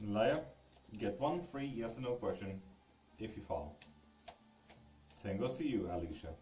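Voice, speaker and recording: A man's voice: on the low side, animated, moderate pace, warm tone, far from the mic. A man doing a casual live stream as a tarot reader, joking and swearing freely as he answers viewers. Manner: loose, joking, swears freely while reading viewer comments. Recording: echoey room, voice away from the mic.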